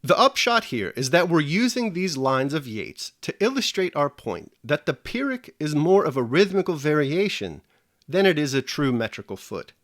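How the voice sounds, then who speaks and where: A man's voice: fairly high pitch, big pitch swings, a bit bright, no echo, clean studio sound. A man narrating a scripted video lesson, explaining things carefully and speaking straight to the viewers. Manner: measured, explanatory, addresses viewers directly. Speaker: teacher.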